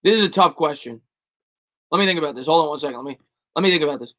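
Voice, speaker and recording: A man's voice: fairly high pitch, expressive, racing, pushed and bright. A man answering viewers' chat questions on a casual live stream, rambling and repeating himself as he gives emphatic opinions.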